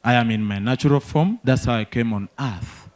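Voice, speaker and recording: A Ugandan man voicing a pious older village uncle who speaks with calm, matter-of-fact certainty in a stand-up bit. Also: mid-range voice, moderate pace, voice pushed down, close to an everyday voice. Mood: solemn.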